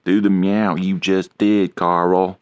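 A man's voice: low voice, flat delivery, slow pace, smooth, no room sound, highs cut off. A man filming a casual vlog, teasing and nagging his cat over and over to make it do something. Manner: teasing, nagging, repeats himself.

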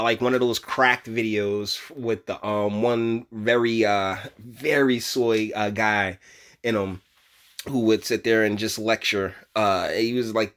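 A man's voice: on the low side, a bit bright. A man giving casual reaction commentary on a video, blunt and profane, mocking it and often laughing. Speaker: YouTube commentator.

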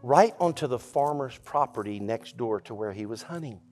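A man preaching a sermon as pastor, telling a folksy joke story and speaking in a lively, conversational way. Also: medium pitch, moderate pace, faint music behind. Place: church sanctuary.

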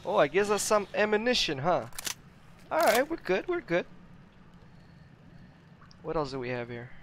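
A man's voice: high-pitched, very animated, moderate pace, fairly bright tone, a little hiss or hum. A man with Russian as his first language giving live commentary while playing a game, talking to himself, exclaiming and chuckling often. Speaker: let's play gamer.

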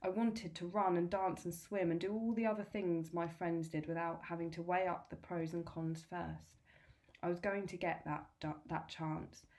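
A woman tutor reading a novel aloud, steady and clear. Her voice sits low for a woman. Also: moderate pace.

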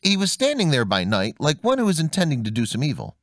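A man's voice: fairly high pitch, huge pitch swings, fast talker, no echo, clean studio sound, pitched above the performer's own voice. A man voicing a simple, fearless young man who speaks plainly, stubborn and earnest, in a storybook reading. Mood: pleading.

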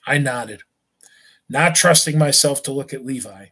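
A man, a teacher, reading a novel aloud in a steady, unhurried way with small slips. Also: mid-range voice, breathy edge.

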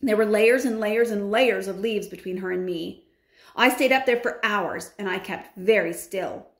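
A woman reading a children's novel aloud with expressive delivery, breaking in with chatty asides. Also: medium pitch, moderate pace. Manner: animated, adds chatty comments. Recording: roomy echo.

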